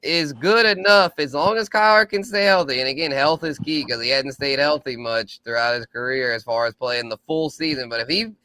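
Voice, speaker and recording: A man's voice: mid-range voice, fairly quick, few pauses, pushed and bright, dry recording. A man hosting a casual sports podcast, laid-back and thinking aloud with frequent restarts. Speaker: podcast host.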